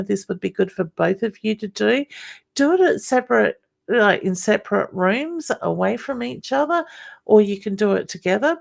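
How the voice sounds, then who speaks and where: A middle-aged woman hosts a live-stream psychic reading. Her voice carries a gravelly fry, and she talks in a soothing, motherly way, calling everyone honey. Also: mid-range voice. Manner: soothing, calls viewers honey. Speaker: psychic medium host.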